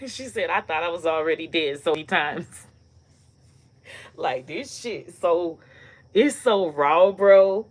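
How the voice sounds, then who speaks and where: A woman hosting a casual comedy live stream, telling stories and ranting in a loose, profane, animated way with bursts of laughter. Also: fairly low pitch, slow pace, pauses often. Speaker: online comedy host.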